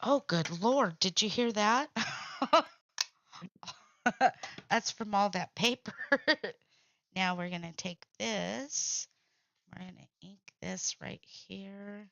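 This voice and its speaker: This crafting channel host speaks slowly with vocal fry and frequent pauses, her medium-pitched voice fairly bright. She chats bluntly on a casual craft livestream, using salty language and laughing often, all captured with dull lo-fi sound.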